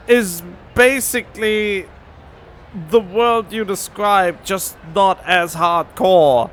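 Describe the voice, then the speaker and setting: A man's voice: high-pitched, slow pace, a bit bright. A man hosting a let's play, talking back at the game with mocking, laughing commentary into a desk microphone. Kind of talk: casual gameplay commentary. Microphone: USB desk microphone.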